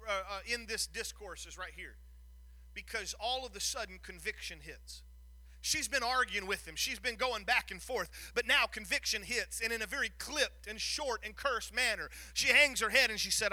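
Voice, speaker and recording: A man preaching a sermon, retelling a Bible story with lively acted-out lines and frequent stumbles and repeated words. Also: sits high, normal speed, no echo.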